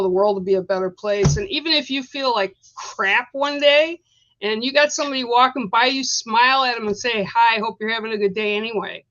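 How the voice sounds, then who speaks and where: A woman's voice: mid-range voice, a bit bright, lo-fi sound. A woman hosting a spiritual live stream, telling a personal story in a casual, rambling way with lots of fillers. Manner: chatty, rambling, many fillers.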